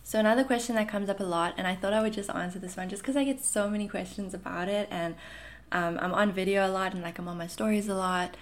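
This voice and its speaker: A woman's voice: mid-range voice, fast talker. A woman in her thirties from South Africa, with a South African accent blended with Canadian, talking casually and reassuringly as she answers viewer questions. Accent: South African mixed with Canadian. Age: 30s. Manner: reassuring, chatty, frequent fillers. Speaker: anxiety content creator. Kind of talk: casual Q&A monologue.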